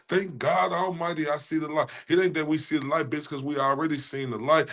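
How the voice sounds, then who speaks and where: A man's voice: on the high side, fairly even intonation, brisk, hardly any pauses, a bit bright. A man with a Texan accent, a streamer ranting with heated, taunting, profane commentary at his viewers. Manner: heated, repetitive, taunting, addresses viewers as y'all. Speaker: streamer reacting to clips.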